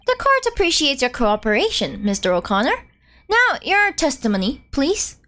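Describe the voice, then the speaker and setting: A woman voicing a formal courtroom judge while reading game dialogue aloud, lively in pitch. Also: moderate pace, full character voice.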